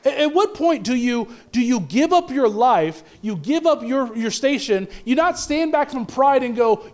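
Guy preaching, very high voice, gets loud then drops low, trips over his words a lot. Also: expressive, moderate pace, hardly any pauses. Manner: impassioned preaching, swinging between loud and low; stumbles and restarts often. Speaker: pastor. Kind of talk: sermon.

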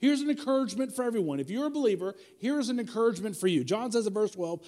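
A man in his forties preaching a sermon, talking casually, repeating himself for emphasis, and leading the prayer in a quieter voice. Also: extremely high pitch, lively intonation, a little fast. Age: 40s. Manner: conversational preaching with repetition and asides. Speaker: pastor.

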